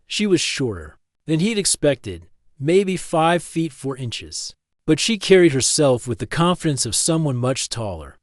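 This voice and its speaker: A man reading a scripted story as the narrator in a steady, even way. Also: fairly high pitch, unhurried, no room sound, clean studio sound.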